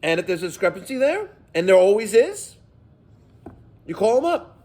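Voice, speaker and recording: Animated, profane New tradesman ranting. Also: high-pitched, moderate pace. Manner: emphatic, profane, storytelling. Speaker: plumbing contractor. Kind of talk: casual vlog rant.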